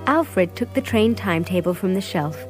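A woman narrating a scripted story in a measured, clear storytelling manner. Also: fairly low pitch, expressive, faint music behind, low-quality recording.

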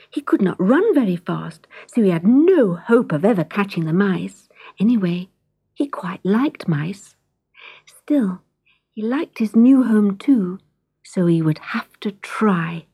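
A woman reading a children's storybook aloud, gentle and expressive, often dropping into a whisper. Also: medium pitch, measured pace, breathy edge, no echo.

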